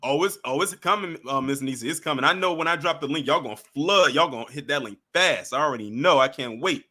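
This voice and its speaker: A man hosts a livestream and reacts to clips with an animated, mocking edge. His voice sits a bit high and has a very bright, forceful ring. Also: fast. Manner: animated, mocking, chats with viewers. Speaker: livestream host. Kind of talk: casual reaction commentary.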